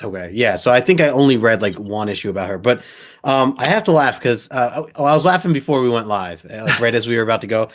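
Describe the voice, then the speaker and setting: A man's voice: mid-range voice, animated, fast talker. A man co-hosting a casual comic book discussion, rambling and laughing as he retells his reactions. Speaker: podcast co-host.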